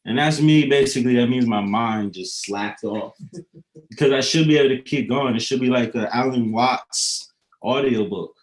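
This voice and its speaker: A man's voice: medium pitch, moderate pace. Male rapper, mid-range voice, freewheeling profane monologue, philosophical and loose. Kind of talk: casual rambling monologue.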